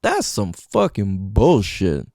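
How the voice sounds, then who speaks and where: A man's voice: on the low side, slow, no echo, clean studio sound. A young man hosting his own podcast, talking casually in slangy, profane speech and acting out friends' lines. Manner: animated, profane, slangy, acts out quotes of friends. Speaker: podcast host. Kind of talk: casual solo podcast monologue.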